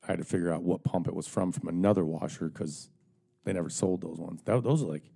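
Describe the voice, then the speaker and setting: Fast-talking, profane man with a low voice. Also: creaky, dark tone, breathy edge. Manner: profane, rambling, laughing at his own stories. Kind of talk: casual storytelling among friends.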